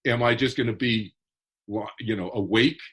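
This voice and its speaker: A man's voice: medium pitch, moderate pace, husky. A man who is a guest author on a podcast, explaining his ideas earnestly and step by step. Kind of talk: podcast interview.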